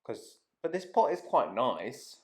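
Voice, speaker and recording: A man's voice: mid-range voice, sing-song, slow pace. A man telling a rambling, casual anecdote to camera, swearing freely and trailing off mid-sentence. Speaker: vlogger.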